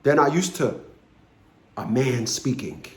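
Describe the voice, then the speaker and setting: A man's voice: medium pitch, slow, roomy sound. Blunt, profane man in his fifties. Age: 50s. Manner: blunt, profane, commanding, repeats phrases for emphasis. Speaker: vlogger. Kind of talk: storytelling rant to camera.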